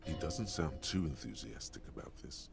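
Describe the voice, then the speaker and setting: A man voicing the gravelly, portentous inner narrator of a detective video game. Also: very deep voice, animated, soft background music, exaggerated voice. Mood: solemn. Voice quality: gravelly, slow, portentous delivery.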